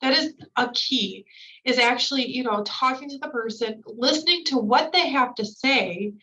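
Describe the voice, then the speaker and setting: A woman's voice: high voice, moderate pace, sharp tone, distant mic, rough recording. A woman trainer going through slides in a recorded training lecture, explaining each point with casual fillers.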